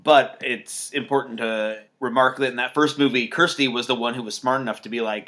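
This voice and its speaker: A man's voice: medium pitch, fairly even intonation, fairly quick, few pauses, bright, forceful tone. A man co-hosting a podcast in casual chat, rambling with many fillers and restarts. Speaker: podcast co-host.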